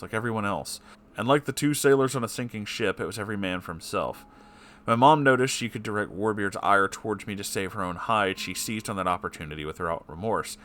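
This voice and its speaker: Man with a lowish voice reads a story aloud, cutting in with heated, profane reactions. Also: pushed and bright, slight background noise. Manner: breaks off to swear and react angrily. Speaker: story reader.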